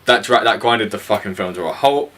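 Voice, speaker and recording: A man's voice: fairly low pitch, brisk, a bit bright. Blunt young man, mic set back. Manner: blunt and opinionated, sweary, laughs often. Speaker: film reviewer co-host. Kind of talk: casual film review chat. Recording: voice from a distance.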